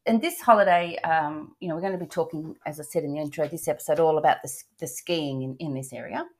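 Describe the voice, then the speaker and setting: A woman's voice: low voice, fast. An older woman hosting a travel podcast, chatting in an upbeat way with frequent fillers and restarts. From Australia. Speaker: podcast host. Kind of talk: casual travel podcast chat.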